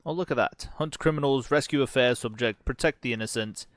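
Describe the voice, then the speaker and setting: A man's voice: mid-range voice, a little fast. A man casually commenting on a strategy game as he plays, reading out its text with profane, sarcastic asides. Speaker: gaming channel host. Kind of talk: casual let's-play commentary.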